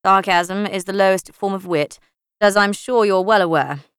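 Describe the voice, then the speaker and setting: Brief: a woman reading as a tart, crisp older mother in a storybook, dry close sound. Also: mid-range voice, moderate pace, dry recording, lightly acted. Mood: tart, matter-of-fact. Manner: crisp, matter-of-fact, faintly reproachful. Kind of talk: audiobook character voice.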